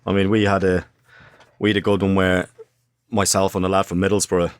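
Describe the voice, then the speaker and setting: Man telling lively football stories. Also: sits low, brisk, smooth. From Ireland. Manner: animated anecdotes, acts out quotes, swears. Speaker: former footballer, guest. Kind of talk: casual storytelling. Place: podcast studio.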